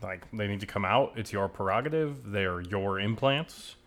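A man's voice: fairly low pitch, animated, normal speed, fairly bright tone. A man joining his partner's story in casual chat, speaking firmly and reassuringly. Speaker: partner of the host.

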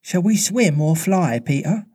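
A man's voice: high voice, expressive, measured pace, warm tone, pitched above the performer's own voice. A man reading aloud, voicing a frightened but brave young girl in a raised, lighter voice. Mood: anxious.

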